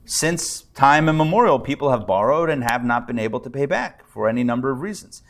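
A man's voice: medium pitch, expressive, brisk. A man teaching a live class as a rabbi, talking in a loose conversational way with many restarts and repeated words, and dropping in wry jokes. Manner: wry humorous asides. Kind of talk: live adult-education lecture. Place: live lecture before an audience.

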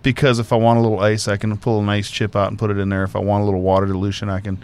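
A man's voice: on the low side, level tone, very fast, a little mellow, smooth. A man co-hosting a casual chat, talking with emphatic enthusiasm and explaining at length. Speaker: co-host.

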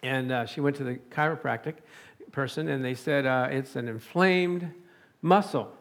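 A man preaching a sermon, animated and chuckling often, calling out to his congregation. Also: medium pitch, normal speed.

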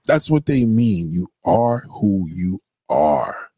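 A man's voice: deep voice, sing-song, takes it slowly, mellow, slight background noise. A man giving blunt, profane opinions in a casual, emphatic rant, often repeating himself. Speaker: commentator.

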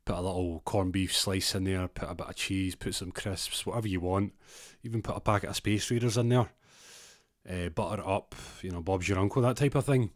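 A man's voice: low voice, fairly even intonation, fairly quick, no room sound, clean studio sound. A man with a Scottish accent telling a rambling, digressive comic anecdote in a casual way, often drifting off on tangents. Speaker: storyteller.

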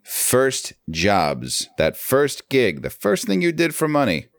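A man's voice: mid-range voice, wildly swooping pitch, slow, creaky, dry recording, clean studio sound. A man co-hosting a podcast in casual chat, swearing freely and laughing often. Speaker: podcast co-host.

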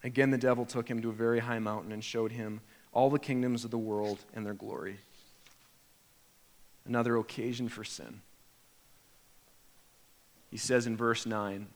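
A man preaching a sermon, animated, acting out imagined prayers with sudden rises in pitch and volume. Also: moderate pace, long pauses. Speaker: pastor. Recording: long hall reverb.

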